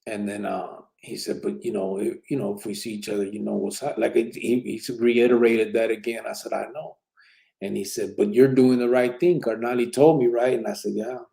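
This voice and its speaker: A man's voice: fairly low pitch, fairly even intonation, a little fast, vocal fry, warm tone, rough recording. A man casually telling a personal prison story in street slang, with many restarts and "you know what I'm saying". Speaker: podcast host telling his prison story.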